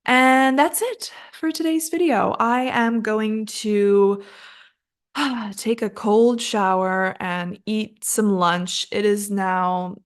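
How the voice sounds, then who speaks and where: A woman, possibly, with a steady, medium-pitched voice teaches English pronunciation in a relaxed spoken lesson. She chats, jokes at her own expense, and laughs when she slips. Her model pronunciations are slow and stretched, and she sounds drained from recording several episodes in a row.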